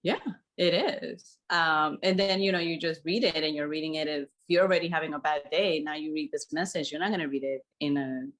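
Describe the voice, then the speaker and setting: A woman's voice: low-pitched, steady tone, a little fast. A woman co-hosting a podcast, talking candidly in a casual conversation and laughing easily. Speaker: podcast co-host.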